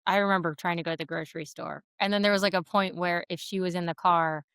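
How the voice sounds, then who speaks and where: A woman in her thirties hosting a podcast, chatting casually, expressive and laughing as she acts out quotes. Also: on the low side, quick pace, clean tone, dry recording, studio quality. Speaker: podcast host. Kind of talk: casual conversational interview.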